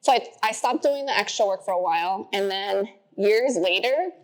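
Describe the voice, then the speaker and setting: A young woman chats as a podcast guest, telling long stories with lots of "like" in her speech. Her voice sits at a middle pitch and leaps up high whenever she quotes herself or her friends. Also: lively intonation, moderate pace. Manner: chatty, says "like" often, acts out quotes in a high voice. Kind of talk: casual interview storytelling.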